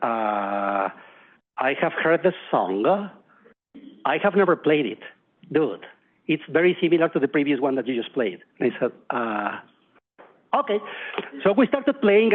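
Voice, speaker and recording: A man from Mexico with a Latino accent, Spanish his first language, giving a storytelling conference talk and acting out the dialogue. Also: a little high. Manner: animated, acts out dialogue, frequent restarts. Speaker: conference speaker. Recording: tinny phone-like lo-fi sound.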